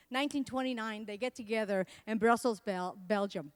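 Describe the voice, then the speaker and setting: A middle-aged woman from Latin America giving a comedic keynote talk, telling animated stories and acting out the people she quotes. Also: medium pitch, fairly quick, clean tone. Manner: animated storytelling, acts out quotes. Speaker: keynote speaker.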